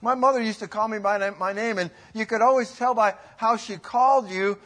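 A middle-aged man preaching a sermon in a folksy, rambling way, rising to loud bursts when he quotes. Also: high voice, fairly quick.

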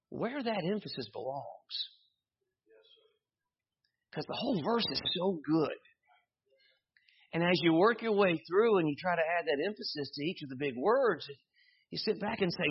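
Casting: male preacher, husky voice, lively sermon with humor, lo-fi church recording. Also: on the high side, normal speed, long pauses. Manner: animated preaching with humor and repetitions. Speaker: pastor. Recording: dull lo-fi sound.

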